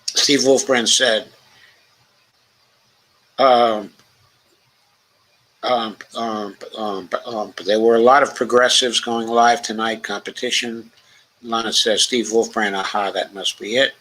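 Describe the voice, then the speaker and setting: A man hosts a political livestream in an unhurried, deliberate way, reading out viewer comments and then answering them. He has a bright, forward voice and often stops on "um" between thoughts. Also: fairly low pitch, fairly even intonation, low-quality recording. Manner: reads chat comments aloud, then remarks on them, with many "um" fillers.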